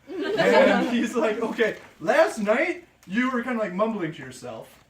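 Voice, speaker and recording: A man telling a funny story to a group of friends, animated and laughing often as he acts out the people in it. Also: high voice, normal speed. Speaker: friend giving a toast. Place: indoor room with a gathering of friends. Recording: echoey room, voice from far off, chatter behind.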